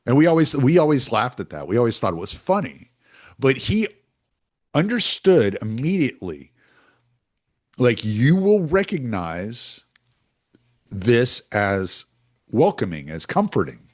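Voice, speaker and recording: A man's voice: medium pitch, sing-song, measured pace, pauses often. A man from the United States talking through a casual, rambling monologue as a podcast host, opinionated and full of restarts.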